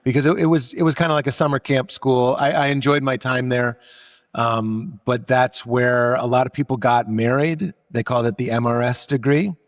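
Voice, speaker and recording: A man's voice: medium pitch, steady tone, moderate pace. A middle-aged man from Massachusetts, a comedian, telling stories in casual conversation, joking and self-deprecating. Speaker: comedian guest.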